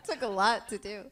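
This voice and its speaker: A woman's voice: mid-range voice, fairly bright tone. A woman comedian guesting on a live comedy podcast, giggly and self-mocking. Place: comedy club stage.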